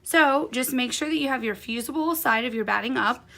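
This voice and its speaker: A woman teaching a quilting project step by step, her voice carrying a gravelly fry. She chats in an easy, encouraging way while her hands stay busy with the work. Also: sits high, a little fast, a bit bright. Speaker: quilting instructor. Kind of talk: hands-on sewing tutorial.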